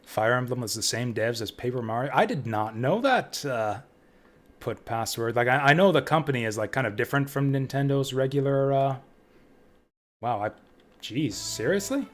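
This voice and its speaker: A man's voice: medium pitch, lively intonation, moderate pace. A man streaming a game from home, chatting casually and ranting bluntly with plenty of swearing. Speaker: livestreamer playing games. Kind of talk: casual live-stream commentary.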